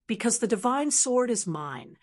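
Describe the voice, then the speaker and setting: A woman doing a calm, mocking young master. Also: a little high, normal speed.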